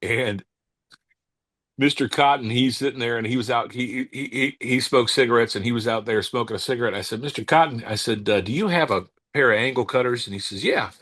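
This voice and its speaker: A man, a cigar company owner and podcast guest, telling stories in a casual interview, halting and restarting as he searches for words. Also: mid-range voice, no room sound. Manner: calm, unhurried anecdote telling.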